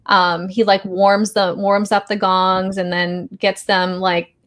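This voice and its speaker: A woman hosting a casual interview, enthusiastic and quick to affirm her guest. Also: mid-range voice, flat delivery. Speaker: host.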